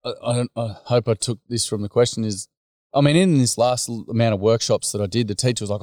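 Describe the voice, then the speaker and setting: This Australian man, a workshop facilitator, talks fast in a mid-range, slightly mellow voice, recorded clean in a studio without echo. He's frank and blokey in the interview, telling stories and acting out the quotes.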